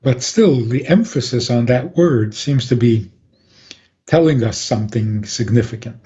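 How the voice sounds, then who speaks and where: A man, a rabbi, calmly explaining on a radio talk program and chuckling often. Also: medium pitch, measured pace. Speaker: rabbi guest. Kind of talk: radio interview, Torah teaching. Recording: dull lo-fi radio audio.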